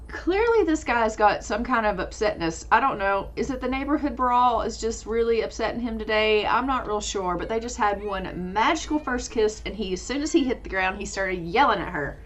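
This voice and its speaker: A woman's voice: fairly high pitch, animated, moderate pace, few pauses. A woman, chatting playfully through a life-sim game and laughing as she voices its characters. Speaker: gameplay host. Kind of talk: casual game commentary. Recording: dull, lo-fi audio with faint noise.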